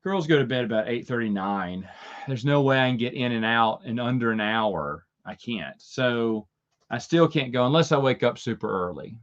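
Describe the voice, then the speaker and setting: A man's voice: mid-range voice, animated, normal speed, lo-fi sound. A man hosting a casual Q&A chat, rambling through stories and chuckling at his own jokes. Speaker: host answering viewer questions.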